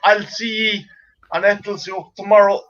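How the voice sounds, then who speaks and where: A man's voice: high voice, steady tone, moderate pace, a crowd in the background. A man with an Irish accent in a casual, jokey chat, swearing freely and laughing often. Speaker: friend in a chat. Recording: dull lo-fi sound.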